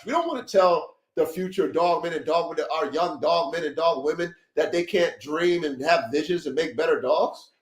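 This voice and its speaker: On a livestreamed dog podcast, a high-voiced man who breeds dogs preaches to listeners at a moderate pace, giving an emphatic pep talk in short, repetitive bursts full of swearing. His voice echoes around a roomy space.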